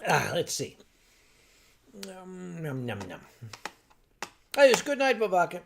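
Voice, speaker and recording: Older male stream host, unhurried and rambling, gravelly tone, lively swoops in pitch. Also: a little hiss or hum. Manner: rambling, wry, with frequent fillers and restarts. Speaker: livestream host. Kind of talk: casual chat reading viewer comments.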